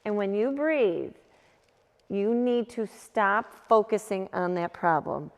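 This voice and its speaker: Woman youth leader, unhurried gentle coaching talk, church hall reverb. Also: on the high side, expressive. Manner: gentle, coaching, many fillers and restarts. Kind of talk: youth group talk on anxiety.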